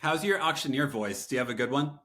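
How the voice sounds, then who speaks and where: A man's voice: medium pitch, quick pace, pushed and bright. A man hosting a podcast interview, chatty and jokey, riffing along with his guest. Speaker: podcast host.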